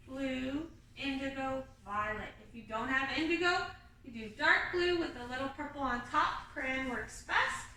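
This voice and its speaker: A woman with a high, bright voice teaches a kindergarten lesson at an unhurried pace, patient and sing-song as she leads the children through little songs. Her voice sits well back from the mic, and the room rings with strong echo. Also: recorded from a distance, a little hiss or hum. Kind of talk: online kindergarten lesson with singing.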